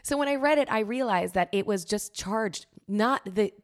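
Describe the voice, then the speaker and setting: A woman co-hosting a podcast, talking in a reflective, steady, supportive way. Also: medium pitch, normal speed. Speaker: podcast co-host. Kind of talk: candid podcast chat.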